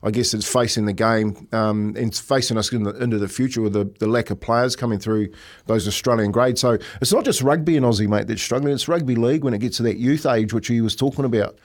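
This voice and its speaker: A man's voice: mid-range voice, fast. A middle-aged man from New Zealand, a podcast co-host telling stories in casual chat, rambling with many restarts.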